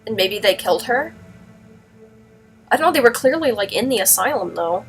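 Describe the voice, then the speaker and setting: A woman's voice: a little high, animated, moderate pace, soft background music, poor audio. A woman thinking aloud as she plays through a story game. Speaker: let's play host. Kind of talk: game commentary.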